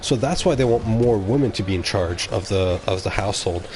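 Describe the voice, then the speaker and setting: A somewhat low-voiced man talks to his livestream viewers in a loose, rambling monologue. He is opinionated and keeps correcting himself mid-sentence. A faint hiss sits under the recording. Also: fairly quick, darkish tone. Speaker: game streamer.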